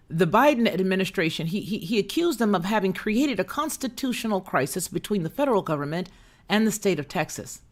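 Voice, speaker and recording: A woman hosting a casual live news commentary, reading quotes aloud with sarcasm and chatting with her viewers. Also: sits low.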